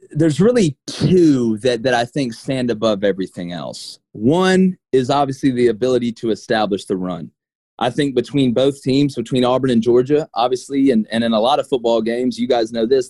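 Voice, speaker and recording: Man, football coach, from Alabama, no accent, energetic, dry close sound. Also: mid-range voice, no echo. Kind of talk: casual sports analysis.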